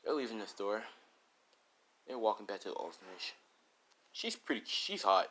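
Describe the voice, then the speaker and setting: A man's voice: lowish voice, expressive, moderate pace, pushed and bright, breathy edge. A man casually narrating a fan story, rambling with slangy, profane asides.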